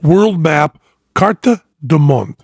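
A man's voice: a little high, animated, drawn-out words, vocal fry, darkish tone, no room sound, clean studio sound. A man hosting a podcast, chatting casually and joking, often laughing and hamming up a French accent. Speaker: podcast host. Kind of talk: casual chat.

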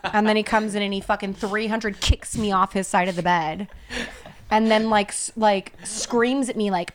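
A young adult woman co-hosting a podcast, telling stories in a casual, profane, animated way. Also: mid-range voice, normal speed. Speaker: podcast co-host. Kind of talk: casual chat.

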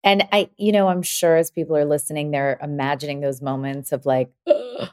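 Give a woman podcast host with a very low voice, recorded close and dry. She talks in a reflective way and works her thoughts out aloud with her guest. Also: steady tone, a little fast, clean tone, dry recording. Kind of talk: conversational interview.

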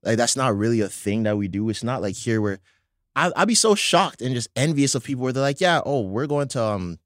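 A man from Toronto with a Toronto accent, chatting as a guest and telling stories in an animated way. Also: mid-range voice, brisk, no echo, studio quality. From Toronto, Canada. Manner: animated storyteller, many fillers. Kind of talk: casual chat.

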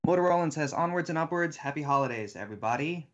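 Man briskly reading out donations. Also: on the high side, expressive, dull audio, a crowd in the background. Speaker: podcast host reading donations.

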